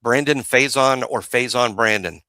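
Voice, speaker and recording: A man's voice: mid-range voice, normal speed, bright, forceful tone, clean tone, no room sound. A man co-hosting a casual sports podcast, giving chatty analysis with stammering restarts. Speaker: podcast co-host.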